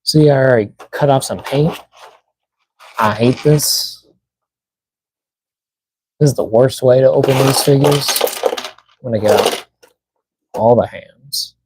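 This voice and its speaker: A man's voice: medium pitch, measured pace, long pauses, noisy background. A man chatting casually to himself while unboxing toys on a live stream, muttering as he fiddles with the packaging. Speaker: toy collector streamer.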